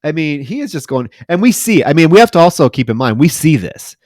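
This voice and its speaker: A man's voice: fairly high pitch, big pitch swings, fairly quick, darkish tone, no room sound, clean studio sound. A man co-hosting a podcast, casually and animatedly retelling a horror film scene by scene with plenty of swearing. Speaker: podcast co-host. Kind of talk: casual film review chat.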